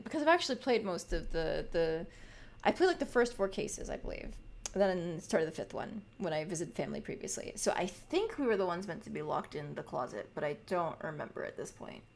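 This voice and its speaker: A woman's voice: low voice, big pitch swings, brisk, gravelly, slight background noise. A woman streaming a video game, chatting expressively and reacting with laughter and swearing. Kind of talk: let's play commentary.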